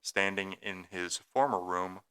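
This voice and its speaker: A young man with a deep, clear, resonant voice reads a haunted-hotel story for a casual podcast. He stumbles over his notes at times but keeps the narration going. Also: measured pace, pushed and bright. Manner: reads a script with stumbles, then jokes and laughs. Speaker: podcast co-host telling a ghost story.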